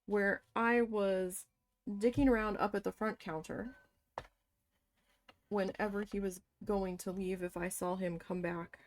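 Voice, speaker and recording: A woman casually telling a story from her past, animated and swearing as she quotes her own shocked reactions. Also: medium pitch, a little slow. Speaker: crafting vlogger.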